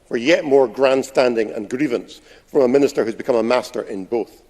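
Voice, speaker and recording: A man's voice: medium pitch, fairly quick, darkish tone. A man, an opposition member of parliament, questioning a minister in a pointed, sarcastic, adversarial way. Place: large parliamentary debating chamber. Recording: long reverb of a debating chamber.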